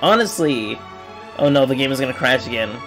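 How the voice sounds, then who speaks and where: A young man giving casual, rambling commentary over a retro game, swinging from mumbling asides to loud excited outbursts. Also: medium pitch, brisk, faint music behind. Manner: rambling, excitable, yelps and laughs when the game goes wrong. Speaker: gaming video creator.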